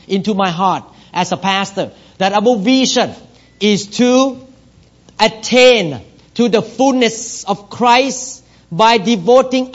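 A high-voiced man preaches with a foreign accent, leading his congregation in plain, broken English. He rises into loud, emphatic declarations. The recording is dull and lo-fi. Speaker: pastor. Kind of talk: sermon.

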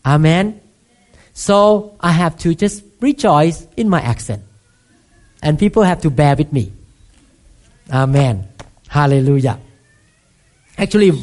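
A woman's voice: sits low, mellow. A middle-aged woman from Thailand with a Thai accent, preaching a sermon emphatically and asking the congregation frequent questions. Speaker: pastor.

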